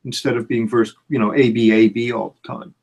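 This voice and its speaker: A man's voice: vocal fry, slightly rough. A middle-aged man, a songwriter and producer, talking casually about songwriting, often repeating his words as he starts sentences over. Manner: halting, repeats words, lively swings in pitch. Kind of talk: casual chat.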